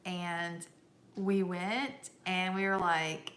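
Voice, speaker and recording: A woman with a Southern lilt chats easily through a homestead live stream, reading comments out and laughing along. Her voice is bright and clear. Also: fairly low pitch, fairly even intonation, drawn-out words. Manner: reads viewer comments aloud, laughs often. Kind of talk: casual live-stream chat.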